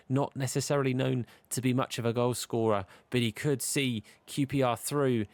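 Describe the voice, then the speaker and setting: A man's voice: mid-range voice, fairly even intonation, normal speed, few pauses, dry recording. A young man giving casual play-by-play commentary on his football video game, chatty and commentator-like, with hiccups. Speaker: gaming YouTuber.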